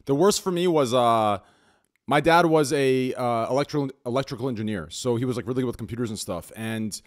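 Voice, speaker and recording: Man with a mid-pitched voice, casual. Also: brisk. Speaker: podcast guest. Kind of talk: casual chat.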